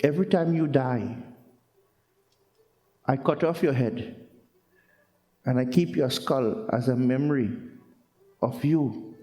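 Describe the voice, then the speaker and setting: Shiva, calm god, as a man tells the story. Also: medium pitch, slow pace, pauses often, voice pushed down, natural voice. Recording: roomy hall with long echo.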